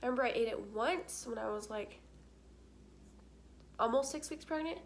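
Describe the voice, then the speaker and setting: Chatty young woman vlogging, higher voice. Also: moderate pace, slight background noise. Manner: chatty, candid, frequent filler words. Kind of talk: casual chat to camera.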